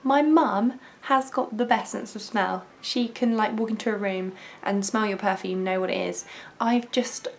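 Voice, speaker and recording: A woman's voice: medium pitch, normal speed. A young woman vlogger chatting to camera, self-mocking and laughing often. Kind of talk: casual chat to camera.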